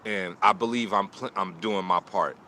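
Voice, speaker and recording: A man whose voice sits low and sounds sharp talks at a moderate pace in an emotional live stream. The martial arts teacher, recorded outdoors on a phone, offers short, preaching lines on loss and motivation, with slight background noise.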